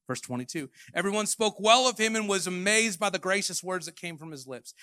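A man preaching a sermon as pastor, animated, swinging between loud declarations and hushed asides. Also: high voice, fairly quick, hardly any pauses, no room sound, clean studio sound. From Canada. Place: church hall.

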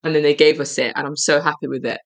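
Animated woman from East London. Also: low-pitched. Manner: animated, playful, quick restarts. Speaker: podcast co-host. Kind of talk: casual chat.

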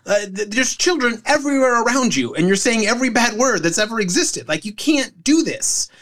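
A man's voice: very high-pitched, lively intonation, a little fast, fairly bright tone, pitched above the performer's own voice. A man voicing an exasperated male game official who scolds an unruly parent in disbelief. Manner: incredulous, scolding.

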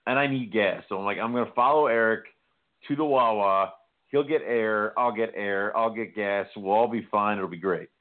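A man's voice: fairly low pitch, normal speed. Man, casual chat, laughs often, swears, phone-like sound.

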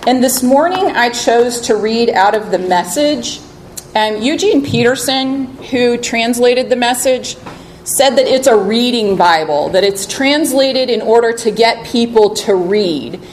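Woman preaching, chatty and expressive. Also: fairly high pitch, a little slow, slight background noise, low-quality recording. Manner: conversational, with fillers, reads scripture expressively. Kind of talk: sermon with scripture reading.

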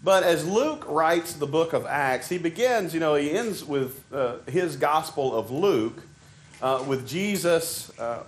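A man from Arkansas with a Southern accent, preaching a sermon in a conversational way, full of fillers and restarts. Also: fairly high pitch.

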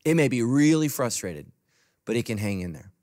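A man preaching a sermon as pastor to a congregation in a church. He talks emphatically, swinging between loud, punchy lines and soft, low asides. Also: sing-song, normal speed.

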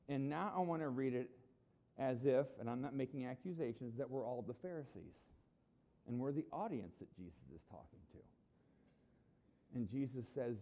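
A middle-aged man preaching a sermon as a pastor, talking conversationally and acting out the people he quotes. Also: fairly high pitch. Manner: conversational, animated, acts out quoted voices.

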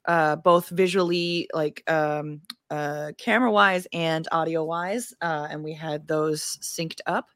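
Lower-pitched woman, dry close sound; casual, filler-heavy announcement read. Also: a bit bright, no echo. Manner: chatty, full of fillers, careful with details. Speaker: player and choir member.

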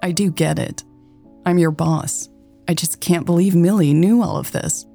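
A woman's voice: fairly low pitch, fairly even intonation, moderate pace, creaky, warm tone, faint music behind. Woman voicing a weary dry-humoured boss. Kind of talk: read-aloud story dialogue.

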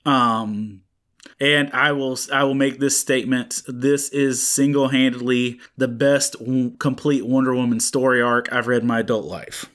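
Male podcast co-host, slightly raspy, loose rambling delivery full of fillers. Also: mid-range voice, fairly even intonation, measured pace, fairly bright tone. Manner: rambling, many fillers and restarts. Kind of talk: casual comic book chat. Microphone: studio microphone.

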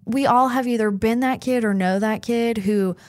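A woman's voice: on the high side, moderate pace, no room sound, studio quality. A woman co-hosting a casual book podcast, enthusiastic and giggly. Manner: enthusiastic, giggly, many fillers. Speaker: podcast co-host.

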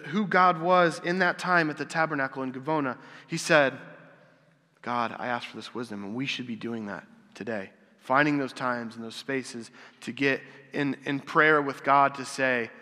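A man's voice: medium pitch, bright, forceful tone. A man preaching a casual, conversational sermon, asking rhetorical questions and acting out quotes. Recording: long hall reverb.

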